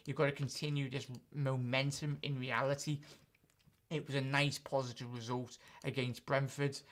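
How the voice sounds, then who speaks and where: A man's voice: mid-range voice, level tone, moderate pace, fairly bright tone. A man hosting a live-stream football chat as a fan channel host, chatting and answering viewer comments directly.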